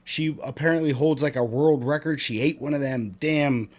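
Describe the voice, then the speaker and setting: A man co-hosting a casual podcast, animated and playful, often laughing. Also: a little high, normal speed. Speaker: co-host.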